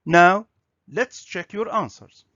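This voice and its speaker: A man teaching a grammar and pronunciation lesson on video, speaking slowly and clearly. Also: high-pitched, sharp tone, dry recording. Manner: slow, clear, instructive. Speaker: English teacher. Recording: dry, slightly dull recording.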